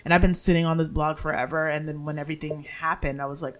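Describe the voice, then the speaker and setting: Podcast cohost talking loose and honest, mid pitch, laughs easy. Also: level tone, fast talker. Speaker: podcast co-host. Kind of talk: casual chat.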